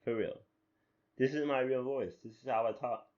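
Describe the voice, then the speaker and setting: A man's voice: medium pitch, moderate pace, darkish tone, muffled recording. A man hosting a solo podcast, rambling and amused at himself in casual chat. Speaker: podcast host.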